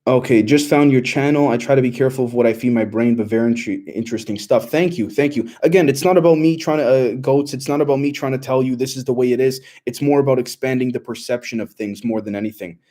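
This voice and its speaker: Mellow-voiced man chatting on a livestream. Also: medium pitch, fast, few pauses. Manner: loose and rambling, many fillers and restarts. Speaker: livestream host reading chat questions. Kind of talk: casual livestream chat.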